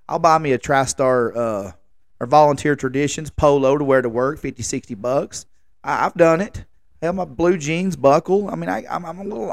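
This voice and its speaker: A man's voice: medium pitch, gravelly, dry recording. Exasperated man ranting. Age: late 30s. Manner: exasperated, rambling, self-mocking banter. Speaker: podcast host. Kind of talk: casual comedic storytelling monologue.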